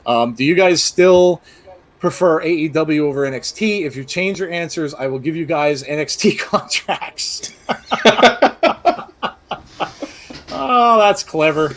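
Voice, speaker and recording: A man's voice: fairly high pitch, animated, slow, long pauses, fairly bright tone. A man co-hosting a live wrestling podcast, reading viewer questions in a casual, chatty way with many fillers and restarts.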